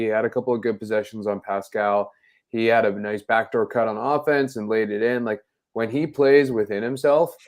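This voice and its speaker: A man co-hosting a casual sports talk show, giving rambling, enthusiastic game analysis. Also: medium pitch. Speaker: podcast co-host.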